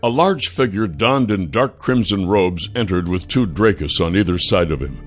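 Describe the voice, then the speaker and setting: A man narrating a fantasy audiobook in a measured storytelling manner. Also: deep voice, animated, breathy edge, faint music behind.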